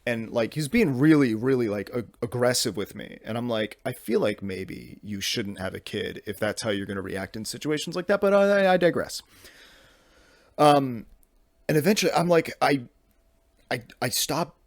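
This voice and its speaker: Here a medium-pitched man in his twenties, speaking at a moderate pace, hosts a podcast with a casual comedic monologue. The story rambles, full of frustrated restarts and swearing, and there's no room sound.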